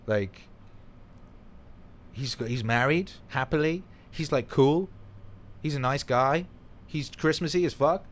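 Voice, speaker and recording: A man hosting a casual livestream chat, excitable and swearing freely, swinging between mumbles and loud bursts. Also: mid-range voice, slow pace, pauses often. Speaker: livestream host.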